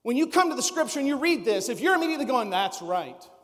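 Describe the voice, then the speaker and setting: Male pastor, high voice, casual sermon full of questions; long hall reverb. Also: animated, racing, a bit bright. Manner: conversational preaching with rhetorical questions.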